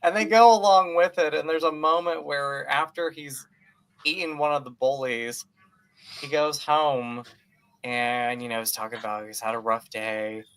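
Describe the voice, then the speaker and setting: An enthusiastic man co-hosts a casual movie podcast, his voice bright and crisp. He gushes and rambles happily, with plenty of fillers along the way. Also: mid-range voice, normal speed. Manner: animated, gushing, many fillers. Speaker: podcast co-host.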